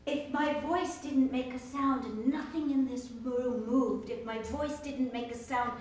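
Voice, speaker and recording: An actress gives voice to an uneasy younger sister whose thoughts come in slow, halting questions. Her voice sits high. She is heard from far back in a very echoey theater with a faint hiss. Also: fairly even intonation, darkish tone. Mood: uneasy, musing. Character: younger sister lying still, anxious, speaking only in her mind. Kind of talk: stage play reading. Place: theater stage.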